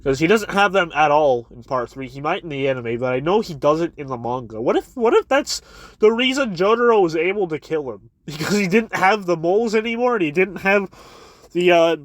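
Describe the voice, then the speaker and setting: Reviewing a manga chapter in a relaxed way, a man with a highish, expressive voice walks through the scenes, drifting a little as he goes. He acts out lines with brief character voices, and the recording is dry.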